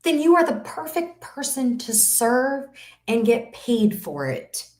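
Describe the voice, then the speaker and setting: Woman, 30s, business coach, webinar masterclass, emphatic, preachy, repeats lines, slightly high voice, roomy echo. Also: very animated, slow pace, a little mellow. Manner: faith-driven motivational tone. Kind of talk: motivational webinar talk.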